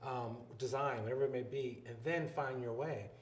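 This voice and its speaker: Philly guy, filmmaker telling stories, does little voices for people, mid pitch, roomy live room with faint murmur. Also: normal speed, a little hiss or hum. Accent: Philadelphia. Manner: animated storyteller, acts out quoted voices. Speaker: filmmaker and educator, guest. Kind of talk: storytelling interview talk. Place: live event venue. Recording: roomy live event recording.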